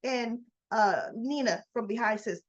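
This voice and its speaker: A woman's voice: fairly high pitch, unhurried, highs cut off. A woman vlogger giving a casual recap of a soap opera episode, telling it as a story and acting out the characters' lines.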